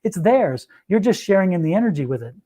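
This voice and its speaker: A man with a high, sing-song, mellow voice talks fast while co-hosting a tarot livestream. He reads cards and tells stories earnestly, often repeating himself and restarting phrases mid-thought.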